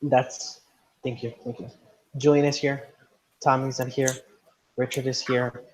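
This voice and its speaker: A man's voice: mid-range voice, flat delivery, measured pace, low-quality recording. A man teaching an online class, patient, often checking understanding with "right?". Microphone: video call.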